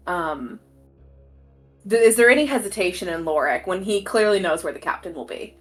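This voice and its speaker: A woman's voice: on the low side, expressive, moderate pace, fairly bright tone, faint music behind. A woman narrating as game master in a tabletop game, casual and full of fillers.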